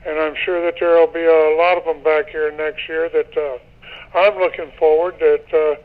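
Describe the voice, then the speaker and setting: Older man, high-pitched, rambling radio guest, muffled lo-fi line. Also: flat delivery, moderate pace. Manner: rambling, laughing, repeats himself. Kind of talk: casual radio interview.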